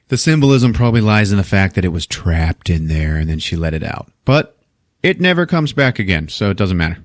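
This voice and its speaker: A man hosting a podcast, recapping a movie in casual, profane, animated storytelling. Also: on the low side, normal speed, no echo, clean studio sound. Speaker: podcast host.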